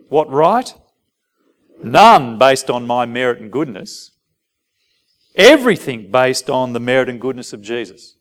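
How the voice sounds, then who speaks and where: A man preaching a sermon, asking his listeners questions and briefly acting out little dialogues. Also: medium pitch. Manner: animated, asks the audience rhetorical questions, acts out short dialogues.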